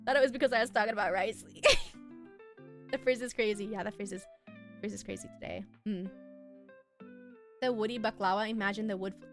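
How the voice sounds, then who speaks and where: A woman's voice: a little high, fairly quick, pauses often, soft background music. A young woman streaming from home, chatting casually with viewers in a giggly, bubbly, teasing way, laughing often. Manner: bubbly, teasing banter with chat. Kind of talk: casual chat with live viewers.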